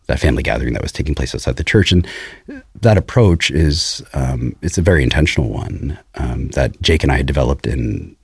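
A man, a composer and producer, talking through his recording work in a thoughtful, measured way with frequent pauses. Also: extremely low pitch, expressive, vocal fry, slightly rough, no room sound, clean studio sound. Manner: thoughtful, many "um"s and restarts, measured storytelling. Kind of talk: casual interview conversation.

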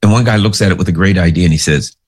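A man's voice: sits low, rapid-fire. A man giving casual, sarcastic political commentary, rambling through stories and asides.

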